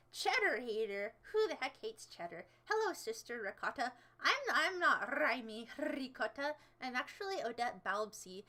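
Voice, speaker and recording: Bright, high-voiced woman streamer rambling. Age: young adult. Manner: rambling, playful, dramatic outbursts. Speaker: livestreamer. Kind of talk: casual livestream chat.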